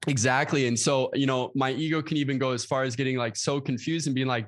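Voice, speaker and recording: A man's voice: mid-range voice, fairly even intonation, quick pace, hardly any pauses. Earnest man in a casual podcast chat. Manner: earnest, acts out his own inner voice with exclamations. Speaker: podcast guest, yoga teacher. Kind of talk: casual conversational interview.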